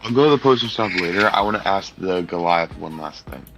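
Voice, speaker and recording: A man with a very deep, forceful voice plays a tabletop game. He asks questions politely and in a measured way. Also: lively intonation, faint music behind. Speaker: player. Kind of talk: casual tabletop play.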